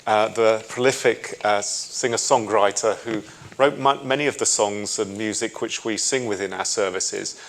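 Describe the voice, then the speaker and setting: A middle-aged man with a British accent, a rabbi leading a synagogue service and reading memorial names in a measured, solemn way with gentle asides. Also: lowish voice. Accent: British English. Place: synagogue sanctuary.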